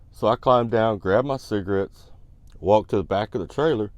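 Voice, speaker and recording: A deep-voiced man tells a story in a loose, blunt, easygoing way. His low voice sits close and dry, with no room sound around it. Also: normal speed, a little mellow, no echo, dull audio. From United States. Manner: blunt, laid-back, peppered with "you know". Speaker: trucking vlogger. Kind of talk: casual storytelling.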